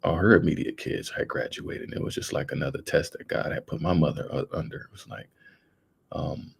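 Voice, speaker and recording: A man's voice: very deep voice, fairly quick, vocal fry, breathy edge. A young man, hosting a casual livestream and talking earnestly and rambling to his viewers. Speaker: livestream host.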